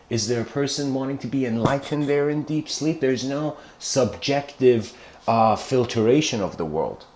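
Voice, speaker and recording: Male lecturer, middle-pitched, meandering self-correcting delivery, roomy echo. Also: darkish tone. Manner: rambling, self-correcting, many "you know" fillers. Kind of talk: informal philosophical talk. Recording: echoey room.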